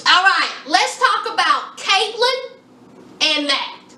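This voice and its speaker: A woman's voice: very high-pitched, expressive, takes it slowly, sharp tone. A woman chatting sassily to her viewers as she recaps a reality show, calling them y'all and honey. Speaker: reality TV reviewer. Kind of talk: casual recap chat. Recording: echoey room, voice a bit far from mic.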